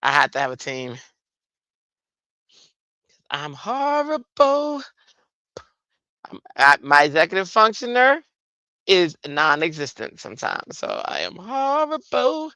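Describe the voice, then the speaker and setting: A woman hosting a late-night craft livestream, chatting casually with lively voiced asides. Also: fairly low pitch, takes it slowly, pauses often, smooth, dry recording, dull audio. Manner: chatty, animated storytelling with playful voiced asides. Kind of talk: casual chat.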